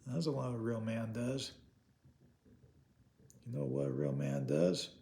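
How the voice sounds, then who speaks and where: A man delivers a casual, heartfelt sermon in a deeply gravelly, creaky voice. He speaks in short, repeated phrases, piling up rhetorical questions at mid pitch. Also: very animated, a little slow, dark tone. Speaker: preacher. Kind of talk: informal sermon.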